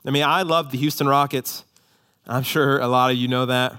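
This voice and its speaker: A man preaching a sermon to a congregation, animated, with rising emphasis and joking asides. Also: medium pitch, normal speed, clear, resonant tone. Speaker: pastor. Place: church hall before a congregation.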